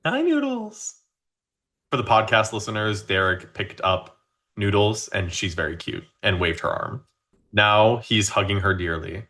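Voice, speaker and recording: A man co-hosting a podcast in casual chat, expressive and playful in his delivery. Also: moderate pace. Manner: expressive, jumps high in pitch when surprised or teasing. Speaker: podcast co-host.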